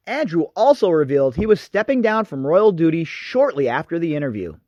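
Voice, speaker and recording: A man's voice: fairly high pitch, sing-song, quick pace, hardly any pauses, no echo, highs cut off. A male radio host giving a sarcastic, mocking, opinionated commentary monologue.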